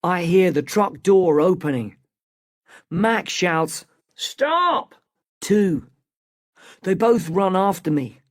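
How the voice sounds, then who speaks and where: Narrator: a man reading a learners' storybook, slow and careful. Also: high-pitched, darkish tone. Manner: slow, careful, clearly spoken.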